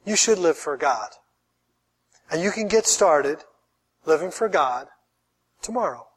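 A man voicing the devil as a smooth, coaxing male tempter who speaks in a falsely encouraging, wheedling way during a sermon. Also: on the high side, expressive, a little slow.

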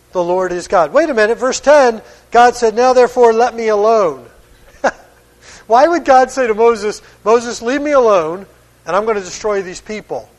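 A man preaching a sermon, reading old-style scripture slowly and then playfully voicing the people in it, chuckling now and then. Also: high voice, in a large hall.

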